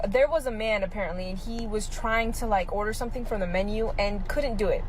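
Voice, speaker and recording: A woman's voice: fairly high pitch, a little hiss or hum, poor audio. Chatty young woman telling a storytime. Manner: chatty and expressive, quick asides to viewers. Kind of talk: casual storytime narration.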